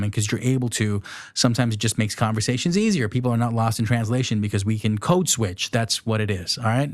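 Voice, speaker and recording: A man in his thirties from the United Arab Emirates hosts a casual solo podcast, rambling, chuckling and correcting himself as he goes. His voice sits in the mid range, and the studio-quality recording has no room sound.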